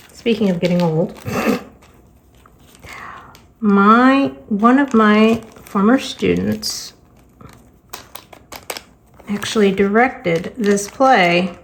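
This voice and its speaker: A middle-aged woman chats casually while she crafts, telling family stories with a dry, sarcastic, deadpan wit. Her voice sits at an ordinary pitch, and faint crinkling of packaging is heard behind her. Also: creaky, a little hiss or hum. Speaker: crafting vlogger and teacher.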